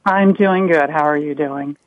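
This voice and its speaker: A woman consultant guest explaining her points on a panel in a relaxed way, with ums. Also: deep voice, measured pace, no room sound. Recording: dull dry line.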